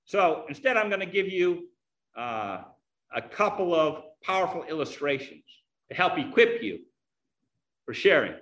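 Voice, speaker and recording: Brief: man preacher, earnest teaching sermon, high bright voice. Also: sing-song, unhurried.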